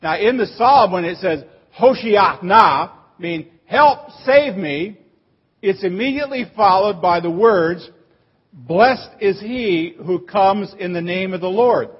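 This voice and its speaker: A man's voice: high voice, animated, unhurried, slightly rough, dull audio. A man preaching a sermon as pastor, explaining a word like a teacher and rising to emphatic cries on the phrases he quotes.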